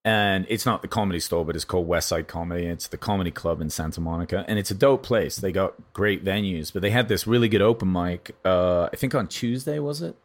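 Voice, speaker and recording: Guy cohosting a podcast, kinda low voice, rambly animated storyteller. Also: a little fast, few pauses. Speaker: podcast co-host, comedian. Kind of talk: casual podcast chat.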